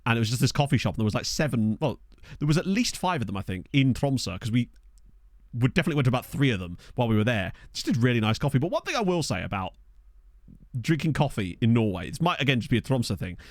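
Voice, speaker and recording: Southern english bloke rambling over a game stream, bouncy voice, dry close mic. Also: male voice, mid-range voice, very animated, quick pace, dry recording. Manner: chatty, rambling, answers chat as he plays. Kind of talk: casual gameplay commentary while reading chat. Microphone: desk microphone.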